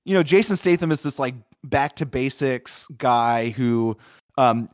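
A man's voice: mid-range voice, animated, unhurried, no room sound, clean studio sound. Chatty man on a podcast. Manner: loose and chatty, heavy on filler words. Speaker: podcast co-host. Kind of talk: casual film review chat.

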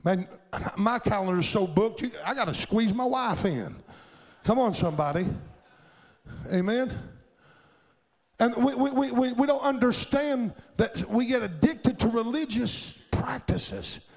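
A middle-aged male pastor preaching a sermon, calling out to the congregation and building up to shouts at his high points. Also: lively intonation, measured pace, low-quality recording. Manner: preaching with call-and-response cries, rising to shouts.

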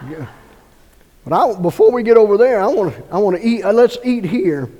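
A man's voice: sits high, very animated, brisk, dark tone. A man preaching a sermon as pastor, emphatic, with restarts and swells of emphasis. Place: church sanctuary. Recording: long church reverb.

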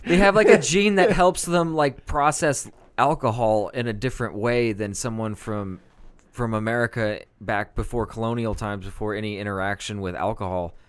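A young man talking easily on a podcast, explaining and joking with his friend. His voice is smooth and clear, recorded close and dry. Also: lowish voice, normal speed, dry recording. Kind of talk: casual chat.

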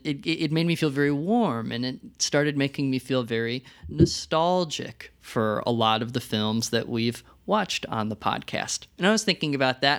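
A man's voice: medium pitch, a bit bright. A man hosting a film podcast, talking in a thoughtful, rambling way with some restarts. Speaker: podcast host. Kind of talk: casual podcast chat.

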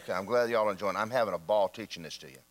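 A man's voice: fairly low pitch, rapid-fire. A man preaching a sermon in a church, telling stories and acting out the people in them. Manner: animated storytelling, acts out quoted voices. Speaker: pastor.

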